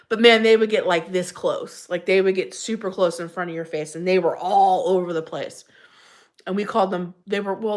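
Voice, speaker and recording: Woman hosting a casual live chat; friendly and talkative, laughs a lot, reads out viewer names. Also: medium pitch. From Pennsylvania. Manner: chatty, greets viewers by name, laughs often. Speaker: livestream host reading chat.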